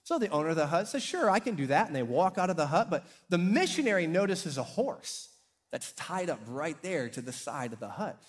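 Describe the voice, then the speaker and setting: A middle-aged pastor tells stories from the pulpit in a fairly high, bright-edged man's voice. He acts out his characters with energy and raises his voice at the big moments. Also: a little fast, slightly rough. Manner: animated storyteller, acting out characters and shouting at climaxes. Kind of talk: sermon with storytelling. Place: church hall.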